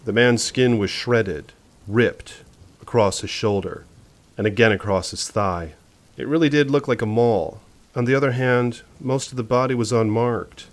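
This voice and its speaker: Male audiobook narrator, low voice, measured suspenseful novel reading.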